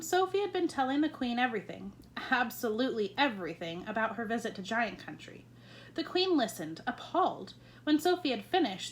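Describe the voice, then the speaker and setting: A woman teacher reading a children's novel aloud with expressive storytelling. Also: a little high, slight background noise.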